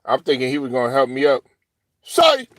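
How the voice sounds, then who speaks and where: A man's voice: medium pitch, rapid-fire, no echo. A man co-hosting a sports talk show, talking casually with lots of fillers and restarts, swearing and acting out other people's lines. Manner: animated, profane, full of fillers and restarts.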